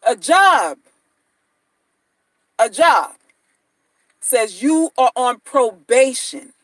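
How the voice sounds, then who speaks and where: A woman's voice: sits high, expressive, drawn-out words, dry recording, poor audio. A woman dating-advice vlogger talking casually and bluntly to viewers, slangy, mocking and repetitive.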